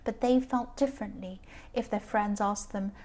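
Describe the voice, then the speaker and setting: A woman's voice: mid-range voice, steady tone, moderate pace. A woman giving a casual tarot reading, talking directly to the viewer in a chatty, rambling way with many fillers and restarts. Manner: gently reassuring, speaks directly to the viewer. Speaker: tarot reader.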